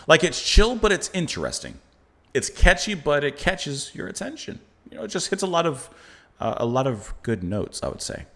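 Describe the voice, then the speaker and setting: A man's voice: a little high, wildly swooping pitch, moderate pace, fairly bright tone. A man hosting a music reaction show, giving thoughtful, admiring commentary in a casual way, often saying "you know" and "like". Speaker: music reaction channel host. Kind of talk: casual album reaction and review.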